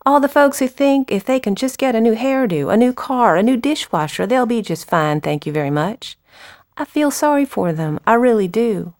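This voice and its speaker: A woman's voice: fairly high pitch, dry recording, studio quality. Poet woman reading her verse. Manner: unhurried, expressive reading with pauses. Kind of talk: poetry reading with short introductions.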